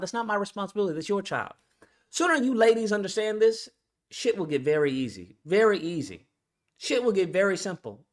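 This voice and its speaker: Bright, animated man ranting. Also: very high voice. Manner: profane, blunt, full of rhetorical questions. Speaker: vlogger. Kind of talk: ranting commentary.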